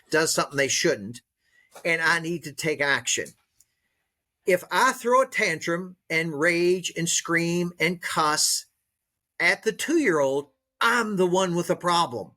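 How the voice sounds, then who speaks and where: A man's voice: on the high side, fairly bright tone. A man, a dog trainer and author, speaking as a guest in a podcast interview, stressing and repeating key words like a coach. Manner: coaching, teacherly.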